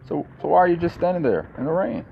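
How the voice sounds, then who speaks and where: A man doing a fast-talking nosy street cop. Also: on the high side, animated, creaky, phone-quality sound, a little hiss or hum, voice pushed up. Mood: prying. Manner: quick, prying questions in a raised voice.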